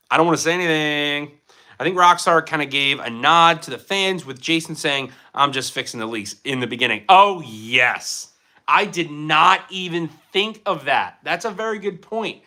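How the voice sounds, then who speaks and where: Bright, animated man streaming live. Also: a little high. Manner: animated, jokey, reacts to chat questions. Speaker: livestreamer reading chat. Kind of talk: casual livestream chat. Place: room at home with collectible figures.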